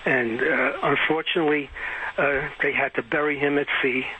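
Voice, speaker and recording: An older man calling in to a talk radio show, speaking haltingly with many pauses. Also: on the high side, steady tone, sharp tone. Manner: halting, many fillers and restarts. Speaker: caller. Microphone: phone. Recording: dull lo-fi phone line with faint hiss.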